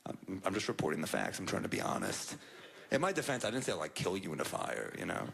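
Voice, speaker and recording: A man's voice: on the low side, very animated, fast, creaky, fairly bright tone, breathy edge. A young man performing a stand-up set on a club stage, telling stories in a dry, self-deprecating way. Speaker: stand-up comedian. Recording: live club set with crowd laughter. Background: audience laughter.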